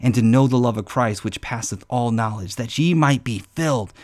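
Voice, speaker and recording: A man preaching in an earnest, conversational way, swinging between hushed and emphatic passages. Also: medium pitch, moderate pace. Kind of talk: sermon-style devotional talk.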